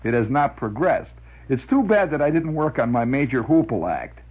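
Husky man telling rambling radio stories. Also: mid-range voice, moderate pace, phone-quality sound. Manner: lively, chuckling, full of filler "uh"s. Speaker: radio monologist. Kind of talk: rambling storytelling monologue.

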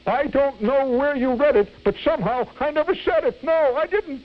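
A man voicing a bratty young boy in a shrill, whiny voice, on a dull lo-fi radio recording. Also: normal speed. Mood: pleading.

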